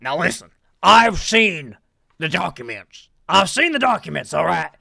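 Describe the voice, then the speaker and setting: A man impersonating a ranting, gravelly middle-aged conspiracy talk-show host with bombastic, paranoid delivery. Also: fairly high pitch, very animated, unhurried, no echo, studio quality, pitched above the performer's own voice, full character voice. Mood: impassioned. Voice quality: gravelly, shouting.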